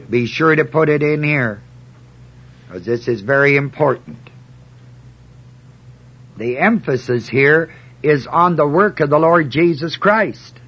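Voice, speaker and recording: A man teaching through Bible verses one by one, reading scripture aloud in a measured cadence and stressing key words. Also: on the high side, fairly bright tone, slightly rough, rough recording. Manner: slow and deliberate, emphatic on key words.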